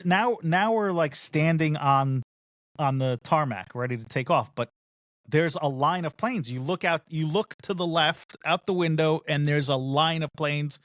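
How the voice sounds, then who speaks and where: A man's voice: a little high, a little slow, no room sound, clean studio sound. A man co-hosting a casual podcast, telling a long story and acting out the other people in it. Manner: animated storyteller who acts out the other people in his story. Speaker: podcast co-host. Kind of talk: casual chat.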